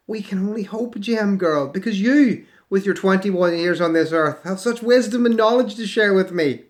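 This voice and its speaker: A man's voice: high voice, normal speed, few pauses. A man in his forties hosting a video, reading hostile comments aloud and answering them with mocking sarcasm. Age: 40s. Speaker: YouTube host.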